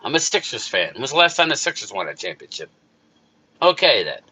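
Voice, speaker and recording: Husky, bright and forceful, this mid-range male voice swings widely in pitch and moves a little fast. He's a middle-aged YouTube sports host with a South Jersey accent, rambling emotionally through a casual live chat as he talks back to viewers.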